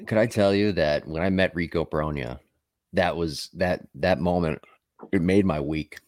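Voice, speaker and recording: A man's voice: deep voice, normal speed, darkish tone, dry recording, clean studio sound. A man hosting a podcast in casual chat, telling rambling stories with many fillers and asides. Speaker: podcast host.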